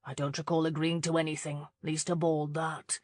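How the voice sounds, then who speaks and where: A woman voicing a brooding young male suitor in a romance audiobook, speaking low and quiet with slow insistence. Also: level tone, no room sound. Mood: insistent.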